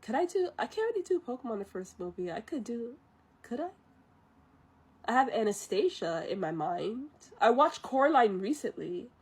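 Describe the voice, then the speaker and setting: A woman vtuber retelling a movie on a live stream, chatty and animated with frequent laughs. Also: a little high, normal speed, slightly rough.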